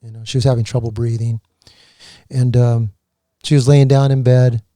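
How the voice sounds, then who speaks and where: A man giving an emotional personal testimony as a podcast guest, earnest and halting, with many restarts. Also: medium pitch, level tone, mellow, no room sound, clean studio sound.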